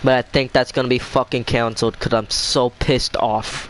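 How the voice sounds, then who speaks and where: A man's voice: medium pitch, little pitch movement, normal speed, a bit bright, slight background noise, low-quality recording. A young man venting in a heated, swearing rant as a vlogger, repeating himself as he talks. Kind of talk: angry rant to camera.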